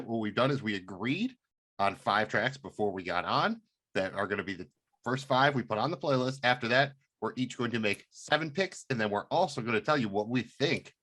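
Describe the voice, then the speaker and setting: Laid-back man co-hosting a podcast. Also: mid-range voice. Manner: relaxed, rambling, lots of fillers. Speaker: podcast co-host. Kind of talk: casual podcast chat.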